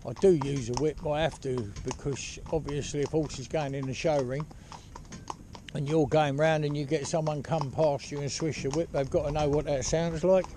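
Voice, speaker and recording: A man's voice: a little high, steady tone, normal speed. Easygoing man talking from a carriage. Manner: easygoing, rambling, peppered with "you know" and "yeah?". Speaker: horse trainer and carriage driver. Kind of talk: casual spoken advice while driving. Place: outdoors on a horse-drawn carriage. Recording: outdoor noise with hoof clip-clop.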